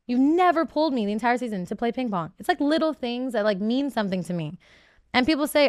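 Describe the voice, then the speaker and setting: A young adult woman speaks as a podcast guest in a smooth, resonant voice. She talks candidly and emotionally, rambling with frequent restarts. The recording is dry and close. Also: fairly high pitch, expressive, fast talker, darkish tone, dry recording. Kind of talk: candid interview talk.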